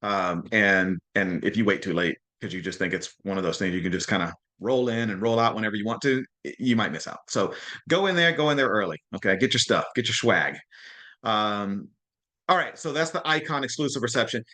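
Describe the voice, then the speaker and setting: A man's voice: lowish voice, lively intonation, a little fast, sharp tone. A man hosting a group video call, giving a casual talk and often checking in with his listeners. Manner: chatty, keeps checking in with "okay?" and "right?"; frequent restarts and repeated words. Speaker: host of a mastermind call.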